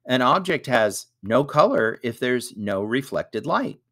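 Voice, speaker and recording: Man reading an eager grown-up teacher type, lively and unhurried. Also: mid-range voice, voice pushed up. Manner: enthusiastic, explanatory. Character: eager patient adult man explaining science.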